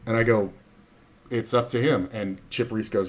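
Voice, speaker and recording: A middle-aged man telling stories on a casual stream, with a somewhat low voice. He rambles a little, swears freely and acts out what other people said. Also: fairly even intonation, normal speed. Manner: profane, rambling anecdotes with acted-out quotes. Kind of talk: casual storytelling on a poker stream.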